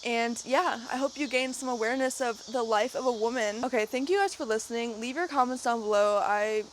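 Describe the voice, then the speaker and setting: A woman's voice: a little high, fairly quick, slight background noise. A young woman talking earnestly and passionately to camera in a casual vlog, with frequent fillers and restarts. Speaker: vlogger.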